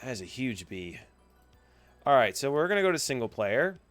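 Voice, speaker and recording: A man's voice: medium pitch, sing-song, normal speed, a bit bright, soft background music. A young man giving a screen-recorded tutorial, narrating each click with chatty, playful asides. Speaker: coding instructor.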